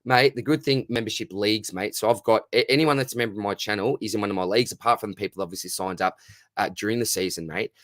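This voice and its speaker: A man's voice: lowish voice, fast, a bit bright, no room sound, studio quality. A man with an Australian accent hosting a casual live stream Q&A, reading out chat questions and answering them in a friendly, matey way.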